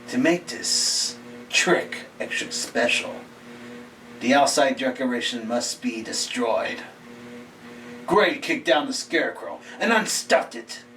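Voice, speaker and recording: A man reads a Halloween horror tale at an unhurried, deliberate crawl, his voice sinking into breathy near-whispers at the tense moments. He sounds set back from the microphone, with a faint hiss underneath. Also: medium pitch. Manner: slow and halting, dropping to hushed near-whispers. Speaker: storyteller. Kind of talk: reading a scary short story aloud. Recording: distant mic with faint background hiss.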